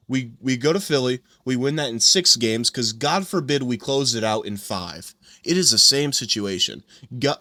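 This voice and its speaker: A man's voice: mid-range voice, a bit bright, no room sound, studio quality. A young man ranting as a sports commentator at his computer at home, exasperated and emphatic, repeating his points.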